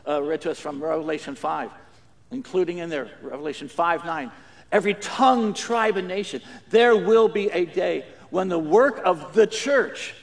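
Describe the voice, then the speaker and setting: Animated high-voiced male preacher. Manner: animated, emphatic preaching with acted-out quotes. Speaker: pastor. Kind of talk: sermon.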